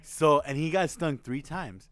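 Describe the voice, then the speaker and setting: A young man co-hosting a podcast who tells a family story in casual chat, laughs often and mimics shouting relatives. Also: on the high side, a little slow, dry recording. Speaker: podcast co-host.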